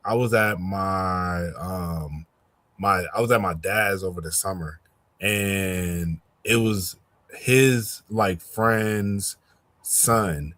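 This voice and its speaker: A young man hosting a podcast in casual chat, laid-back and drawn-out with many fillers. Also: low-pitched, a bit bright.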